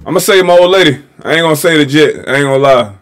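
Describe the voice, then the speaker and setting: A man's voice: fairly high pitch, fast talker, faint music behind. A man hosting a reaction video, talking casually in slangy, profane, joking commentary.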